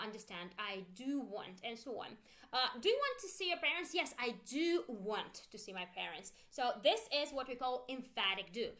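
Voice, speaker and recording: A woman whose first language is Russian teaches an online English grammar lesson. Her voice sits high and bright and swings widely in pitch. She says each phrase twice and leaves room for students to echo it back. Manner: explains slowly, repeats phrases for students to echo.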